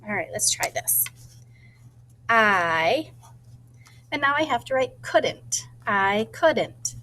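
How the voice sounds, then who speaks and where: Woman teacher, very slow, sounds out words for young children, faint hum behind. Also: on the high side. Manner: thinks aloud in a soft, gentle voice. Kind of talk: modeling a writing lesson for young children.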